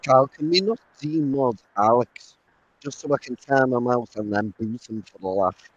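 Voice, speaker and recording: A man's voice: mid-range voice, moderate pace, dry recording. A man with an English accent on a call to a livestream, repeating his request patiently. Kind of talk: casual chat over a call. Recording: dry, dull call audio.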